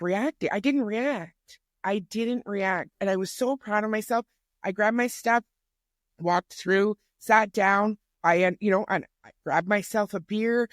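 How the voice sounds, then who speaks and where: A woman in her fifties telling a personal story as a podcast guest, chatty and animated, often restarting her sentences. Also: medium pitch, no echo, studio quality. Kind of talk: casual storytelling conversation.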